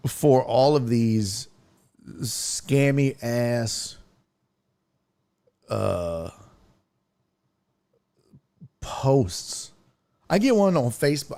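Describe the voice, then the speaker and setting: Slow-talking, profane man hosting sports chat. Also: medium pitch, a little mellow. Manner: profane, ranting, rambling. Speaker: sports podcast host. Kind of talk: casual sports talk.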